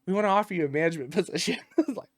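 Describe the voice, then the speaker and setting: A man's voice: high voice, rapid-fire, dry recording, studio quality. A man telling stories in a casual podcast, swearing a lot and laughing often. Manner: profane, animated storyteller who laughs often. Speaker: podcast co-host.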